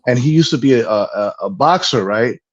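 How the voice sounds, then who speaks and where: Halting man on a dull line. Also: mid-range voice, lively intonation. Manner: halting, fills with "listen" and "yo". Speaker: guest. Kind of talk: casual chat on a livestream.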